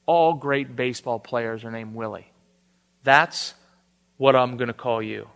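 A man preaching a sermon, shifting between soft, intimate lines and emphatic declarations. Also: medium pitch, steady tone, unhurried. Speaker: pastor. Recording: long hall reverb.

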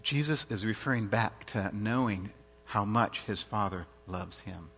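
A man's voice: fairly low pitch, a little slow, fairly bright tone, slight background noise. A man preaching a sermon in an earnest, emphatic way, repeating his points and asking rhetorical questions.

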